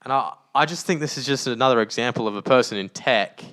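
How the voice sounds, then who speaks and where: A man co-hosting a casual podcast, animated and quick to joke. His voice is smooth and clear at a middle pitch for a man. He talks in a large open room. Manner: animated, joking, often laughing. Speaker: podcast co-host. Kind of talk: casual chat.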